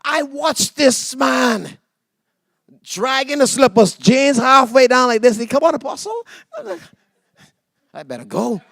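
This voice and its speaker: A man preaching a sermon, telling a story with animated swings between hushed and loud delivery and acting out the voices of others. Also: very high voice, unhurried, gravelly, no room sound. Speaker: pastor.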